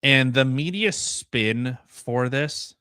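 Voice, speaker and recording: A man co-hosts a podcast, reading news items aloud and breaking off with blunt, sarcastic remarks. His voice is bright and forceful, and it sits dry and close on the mic. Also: medium pitch, takes it slowly, clean tone, no room sound. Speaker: podcast co-host. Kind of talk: casual political commentary.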